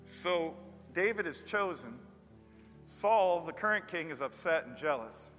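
A male pastor preaching a sermon in a church, telling stories emphatically and building to loud peaks. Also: fairly high pitch, lively intonation, measured pace. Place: church with a live band. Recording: long reverb of a large hall. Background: faint band music.

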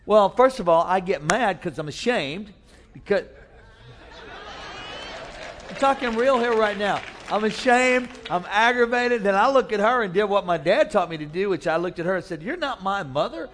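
Guy preaching, kinda high voice, funny stories, lots of hall echo. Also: moderate pace, a bit bright. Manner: storytelling with humor, acts out voices. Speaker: pastor. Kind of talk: sermon.

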